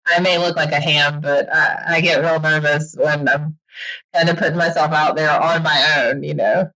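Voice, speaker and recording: A woman talking as a podcast guest in a casual, animated way, laughing often and acting out quick quoted asides. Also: low-pitched, lo-fi sound. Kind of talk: casual interview chat.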